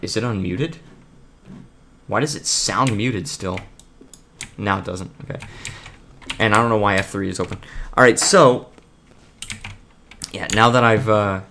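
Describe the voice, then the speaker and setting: A man's voice: fairly low pitch, pushed and bright, slight background noise. A man streaming a building game, chatting casually to viewers and rambling with frequent restarts. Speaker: gaming streamer. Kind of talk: casual live-stream chat.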